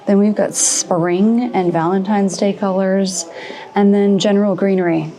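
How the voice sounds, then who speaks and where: A woman craft vlogger chatting casually and excitedly, often laughing at herself, a little out of breath. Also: mid-range voice, a little slow. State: a bit out of breath. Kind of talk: casual shop-with-me vlog chat.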